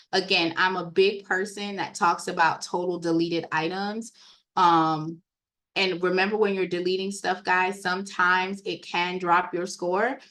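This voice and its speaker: A woman giving a casual, chatty walkthrough of credit repair software on a screen share, talking straight to her viewers. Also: fairly low pitch. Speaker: software trainer.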